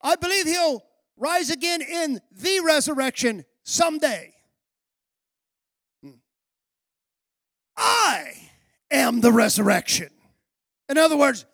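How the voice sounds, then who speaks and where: A man with an unusually high, gravelly voice preaches a sermon as a pastor. He tells the story with voices for its characters and builds to forceful, shouted emphasis. The sound is dry and close, with no room echo.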